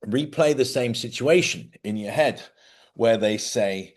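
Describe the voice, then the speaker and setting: A man's voice: mid-range voice, a little slow. Rambling male live-stream host. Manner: rambling, conversational, repeats himself and asks listeners "yeah?". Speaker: host of a live spiritual talk show. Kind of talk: casual live-stream talk. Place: studio.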